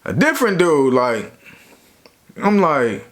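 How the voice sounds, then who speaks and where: A young man casually telling a story from his own life to his viewers, in a slangy, relaxed way. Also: on the high side, slow. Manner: slangy, relaxed, lots of "you know". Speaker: YouTuber.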